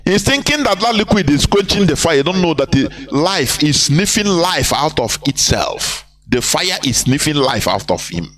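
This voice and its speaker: A man's voice: on the high side, sing-song, moderate pace, hardly any pauses, fairly bright tone, faint music behind. A man from Nigeria, delivering impassioned political commentary on a live broadcast and asking rhetorical questions. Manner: impassioned, rhetorical questions, mixes in Igbo phrases. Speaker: activist broadcaster.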